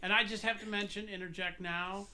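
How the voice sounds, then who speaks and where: A man's voice: sits high, fairly even intonation, over a noisy crowd. A man co-hosting, chatting casually and cutting in with encouraging remarks. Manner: encouraging, quick interjections. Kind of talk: casual chat.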